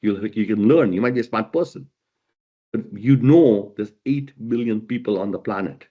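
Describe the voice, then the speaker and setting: A man's voice: fairly low pitch, normal speed, breathy edge, muffled recording. A middle-aged man giving a motivational keynote talk, stressing points by repeating key words. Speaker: keynote speaker.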